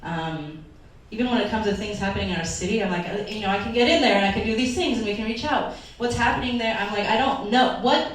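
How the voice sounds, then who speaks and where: A woman's voice: medium pitch, fast talker, hardly any pauses, recorded from a distance. Earnest woman preaching in an echoey hall. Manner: earnest, emotional, voice wavering near tears. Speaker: pastor. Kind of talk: sermon.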